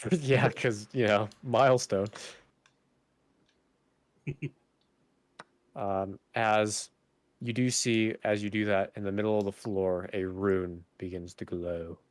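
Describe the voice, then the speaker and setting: A man's voice: on the low side, steady tone, slow, long pauses, no echo. Man, young adult, dungeon master, teasing, laughs a lot, casual narration. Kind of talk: running a tabletop game over voice chat.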